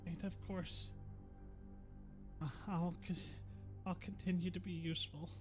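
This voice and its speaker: A jittery little forger from the slums stammers and fawns, his voice pushed high and thin, as a man puts him on. He sounds eager to please and afraid of getting caught. Faint music plays under him. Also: level tone, a little slow. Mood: anxious. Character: nervous, fawning male forger in the slums.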